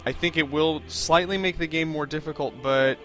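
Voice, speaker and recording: A man's voice: fairly high pitch, steady tone, normal speed, fairly bright tone. Chatty let's-play man over faint music. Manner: chatty, rambling and self-deprecating, with frequent fillers. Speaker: video game let's-play host. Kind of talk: casual gameplay commentary.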